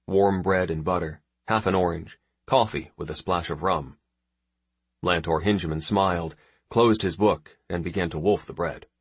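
A man reading a novel aloud in a measured, even narration. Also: sits low, husky, no room sound. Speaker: audiobook narrator. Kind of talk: scripted narration.

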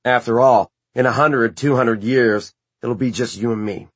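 A man's voice: mid-range voice, steady tone, moderate pace, breathy edge, no echo, close to an everyday voice. A man voicing an ageless warlock in an audiobook reading, speaking fervently.

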